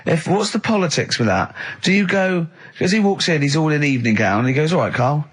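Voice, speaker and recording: A man hosting a radio show in a studio, talking in a rambling, mocking way full of quick asides. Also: on the high side, big pitch swings, slightly rough. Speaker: radio host. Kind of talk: casual radio chat.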